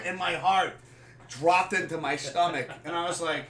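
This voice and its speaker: A man hosting a live sports podcast, telling a story casually and animatedly, swearing freely and acting out scenes loudly. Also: sits high, normal speed. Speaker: podcast host. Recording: echoey room, far from the mic.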